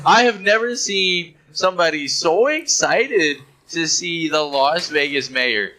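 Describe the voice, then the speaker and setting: This is a man co-hosting a casual podcast with his friends. His voice is bright, a touch high, and it swings widely in pitch. He teases the others and acts out their reactions with relish. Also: normal speed, hardly any pauses. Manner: playful, teasing, acts out others' excitement. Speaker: podcast co-host. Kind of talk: casual chat.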